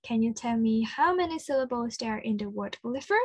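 A woman with an Australian accent leading an interactive children's lesson, slow and encouraging, full of praise. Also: on the high side, lively intonation, a little mellow, no room sound. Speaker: children's speech clinic presenter.

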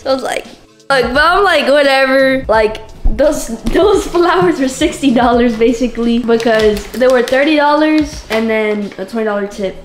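A woman's voice: a little high, normal speed, faint music behind. A young woman vlogger telling a rambling, slangy story in casual chat.

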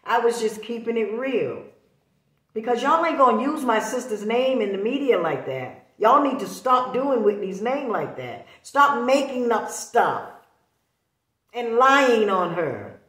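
A woman's voice: a little high, very animated, unhurried, a bit bright. A woman talking straight to camera in a vlog, insistent and preachy, often repeating words to drive a point home. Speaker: vlogger. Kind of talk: emphatic casual talk to camera. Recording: roomy echo.

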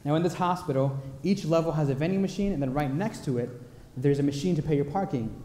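A man preaching a sermon, telling a story in an earnest, unhurried way with pauses. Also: fairly high pitch, mellow, a little hiss or hum. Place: large church sanctuary. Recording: echoey church hall with long reverb.

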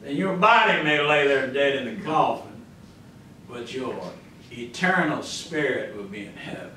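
A man's voice: medium pitch, expressive, measured pace, sharp tone, a little hiss or hum. A man with a Texan accent preaching a folksy sermon as pastor, acting out the voices of the people he talks about. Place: church sanctuary. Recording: echoey church sound from far off.

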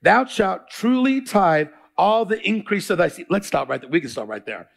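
Male pastor, high gravelly voice, call-and-response sermon delivery. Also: lively intonation, moderate pace. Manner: call-and-response preaching, quizzes the congregation.

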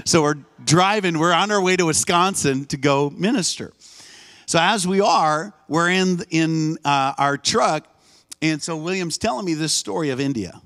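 A man preaching a sermon in a church, telling a story with lively voices and calling out for the congregation's response. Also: fairly high pitch, moderate pace. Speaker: guest preacher. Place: church sanctuary, live service.

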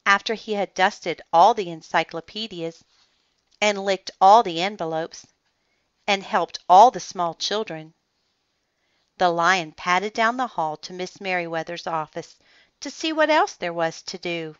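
A woman reading a children's picture book aloud in an expressive, deliberate storytelling manner. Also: on the low side, smooth, dry recording. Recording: dull lo-fi, dry sound.

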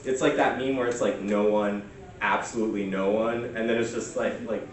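A man's voice: medium pitch, steady tone, normal speed, a little hiss or hum. A man leading a church workshop in a casual, chatty way, often slipping into quoted asides. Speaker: workshop presenter. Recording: echoey distant room recording.

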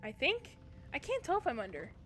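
A woman's voice: high-pitched, wildly swooping pitch, brisk, a bit bright, a little hiss or hum. A woman streamer chatting to her viewers as she plays a game, jumpy and talkative. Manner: jumpy, chatty, talks to her chat while playing. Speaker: Twitch streamer. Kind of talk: live gameplay commentary.

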